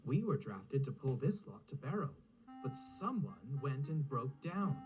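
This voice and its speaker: A man voicing a small, sensible male tank engine in a storybook reading, calm and reassuring, with music underneath. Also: medium pitch, measured pace, rough recording.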